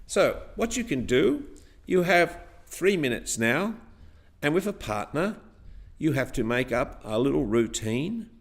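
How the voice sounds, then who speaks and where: A man teaching a class, guiding the pupils step by step through a chanted rhyme with counts and clapping. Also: mid-range voice. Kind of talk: classroom rhythm lesson.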